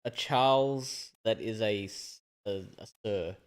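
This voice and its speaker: A man's voice: fairly low pitch, slow. A man streaming a game live, chatting and thinking aloud with frequent restarts. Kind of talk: live gameplay commentary.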